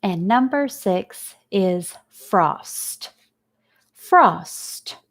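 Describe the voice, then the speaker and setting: A woman teacher speaks very slowly and patiently. She walks young pupils through a phonics lesson, sounding out each letter carefully and offering steady praise. Her voice sits at an ordinary middle pitch.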